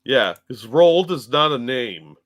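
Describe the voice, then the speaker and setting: A man co-hosting a casual comedy podcast, throwing in dry, quick side remarks. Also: mid-range voice, expressive, fairly bright tone. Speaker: podcast co-host.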